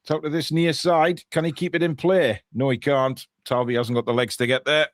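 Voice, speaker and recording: A man's voice: a little high, flat delivery, a little fast, no echo, clean studio sound. A man co-hosting a live football watchalong, giving chatty play-by-play with jokey asides. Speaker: watchalong co-host. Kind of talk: live match watchalong commentary.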